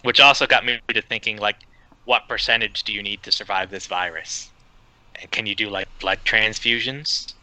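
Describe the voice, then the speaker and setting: Bright-voiced man, profane deadpan. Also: lowish voice, moderate pace, rough recording. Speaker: podcast co-host reviewing a film. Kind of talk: casual chat, reading his notes.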